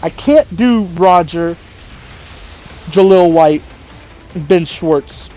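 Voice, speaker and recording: Male gaming host, slightly high voice, rambling and self-correcting, faint music behind. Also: drawn-out words, mellow. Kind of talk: casual chat about voice impressions.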